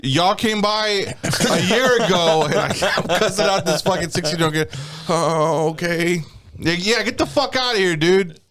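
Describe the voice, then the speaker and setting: A man trading swearing quips on a comedy podcast, quick with a comeback. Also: high voice, a bit bright. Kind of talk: casual podcast banter.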